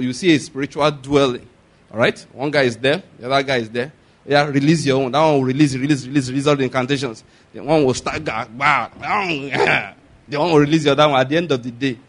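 A Nigerian man preaching, who talks in a loose, conversational way with restarts and asides. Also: mid-range voice. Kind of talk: sermon.

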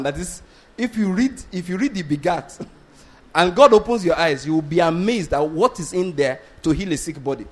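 Blunt, animated male preacher. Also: high-pitched, moderate pace. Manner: animated, blunt, asks the congregation rhetorical questions; laughs between points, restarts sentences. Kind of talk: sermon.

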